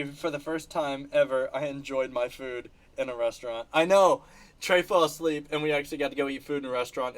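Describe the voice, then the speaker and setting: A man hosting a casual livestream, telling animated stories and laughing between sentences. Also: fairly high pitch. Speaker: channel host reacting to live chat. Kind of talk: casual livestream chat showing trip photos.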